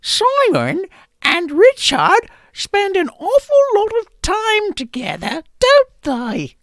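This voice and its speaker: A man putting on a falsetto voice and a mock British accent to play a gossipy British woman. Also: huge pitch swings, slow pace, a bit bright, dry recording, exaggerated voice. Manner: falsetto, chatty.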